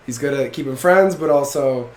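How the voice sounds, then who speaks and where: A man's voice: mid-range voice, moderate pace. Young male podcast host, loose and profane, recorded in a roomy space. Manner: loose, swears casually, laughs, many "like" fillers. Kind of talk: casual podcast chat. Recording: echoey room.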